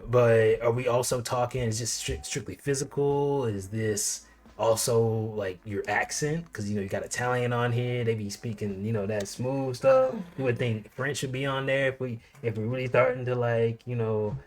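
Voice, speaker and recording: Man, co-host, casual chat, laid-back, rhetorical questions, mid pitch. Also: normal speed. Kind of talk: casual chat reacting to a video.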